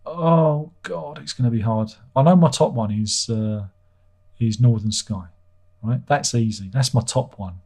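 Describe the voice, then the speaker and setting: A man's voice: mid-range voice, measured pace, dark tone. A man hosting a livestream, reading out viewer comments in a rambling, self-deprecating way and swearing casually. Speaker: livestream host.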